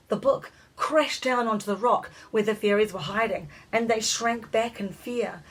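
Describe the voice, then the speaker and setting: A woman narrating a children's storybook in a measured, expressive reading voice. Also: a little high, poor audio.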